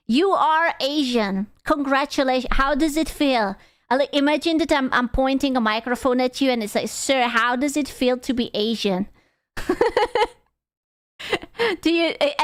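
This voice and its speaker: A young woman streamer chatting casually with viewers, playful and giggly, swearing and reacting dramatically. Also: high voice.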